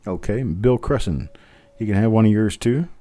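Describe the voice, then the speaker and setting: Middle-aged male auctioneer host, low mellow voice, easygoing jokes, steady bid calling. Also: moderate pace. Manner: joking, patient, repeats bids in a steady calling rhythm. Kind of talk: live online coin auction, chatty.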